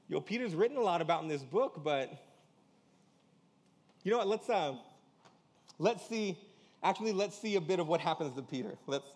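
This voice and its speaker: A man's voice: high-pitched, animated, moderate pace, pauses often, darkish tone. A man preaching a sermon as pastor, in a casual slangy way, often acting out quoted dialogue. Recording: church hall reverb.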